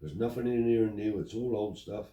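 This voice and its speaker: Speaking at a moderate pace in a lowish voice, this older Romany Traveller interviewee spins animated tales and voices the characters' lines during a relaxed conversation. The audio is distant and roomy.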